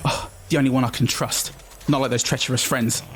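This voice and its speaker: A man's voice: medium pitch, fairly even intonation, fairly quick, close to an everyday voice. A man voicing an earnest young male adventurer in his own voice, doting and polite. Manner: doting, talks fondly to his pet.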